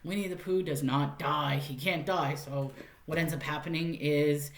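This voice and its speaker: A woman's voice: low-pitched, steady tone, normal speed, echoey room, slight background noise. A woman giving a casual, chatty spoken movie review, often laughing and using lots of fillers.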